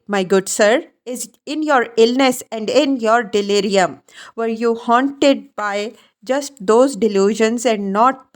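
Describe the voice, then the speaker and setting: A woman reading the part of a sly, good-humored male examining lawyer with an ironic, needling manner. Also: on the high side.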